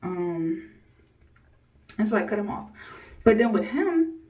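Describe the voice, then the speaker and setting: A woman's voice: medium pitch, very animated, slow pace, far from the mic, highs cut off. A woman in her early twenties telling a personal story to camera in a rambling, blunt way, swearing freely and laughing often. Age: early 20s. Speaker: vlogger.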